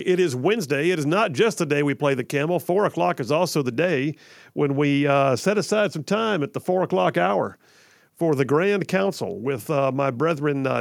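A man hosting a talk radio show in a studio, in an energetic, folksy, chatty way. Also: a little high, gravelly, no room sound.

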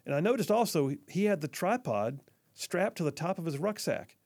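Gravelly, folksy male talk show host. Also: sits high, expressive, normal speed, a little mellow, no echo. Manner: folksy, earnest, addresses listeners directly. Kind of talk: storytelling monologue.

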